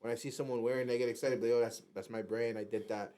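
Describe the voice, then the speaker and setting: Man hosting, relaxed slangy chat, average pitch. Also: racing. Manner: easygoing, admiring, slang-filled. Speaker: host. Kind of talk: casual conversation.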